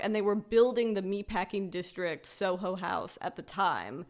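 A woman's voice: mid-range voice, fast, few pauses. Breezy woman podcaster telling trivia. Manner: breezy storyteller sharing behind-the-scenes trivia. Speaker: podcast co-host. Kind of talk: casual chat.

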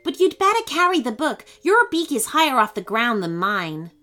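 A woman voicing a brave, quick-thinking young girl in a children's storybook, sounding eager and excited. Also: high-pitched, pitched above the performer's own voice, heavily acted.

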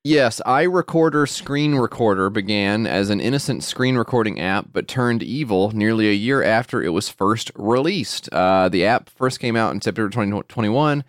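A man co-hosting a podcast, chatting casually and profanely and jumping into high mock voices. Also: expressive, moderate pace, few pauses, no echo, studio quality. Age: adult with a wife and kid. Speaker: podcast co-host. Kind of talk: casual comedic chat.

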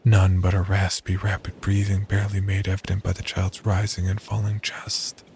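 Deep, flat-voiced male horror narrator. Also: a little hiss or hum. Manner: slow, measured and somber. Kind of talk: scripted horror story narration.

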